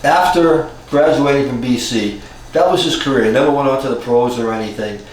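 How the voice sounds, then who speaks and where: Older man, reflective storyteller, halting restarts, distant mic, very echoey room, faint hiss. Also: mid-range voice. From Cambridge, Massachusetts. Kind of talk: personal storytelling.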